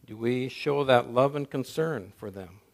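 A man preaching a sermon as pastor, emphatic and full of rhetorical questions, swinging from loud to soft. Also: medium pitch, measured pace, gravelly.

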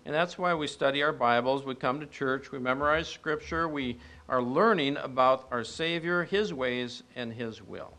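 A man preaching a sermon as a pastor, telling stories and asking rhetorical questions, rising to emphatic peaks and dropping low and quiet. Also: moderate pace, hardly any pauses.

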